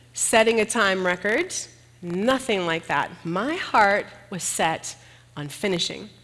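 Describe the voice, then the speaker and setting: Woman preaching in a reverberant hall. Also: medium pitch. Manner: earnest, animated when telling a story, slows for emphasis. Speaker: speaker giving a sermon. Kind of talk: sermon.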